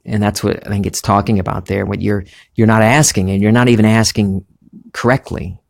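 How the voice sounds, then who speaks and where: A man's voice: fairly low pitch, fairly even intonation, fairly quick, vocal fry. A man with a slight Southern American accent, hosting a spiritual podcast in an earnest, musing monologue that thinks aloud. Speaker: podcast host.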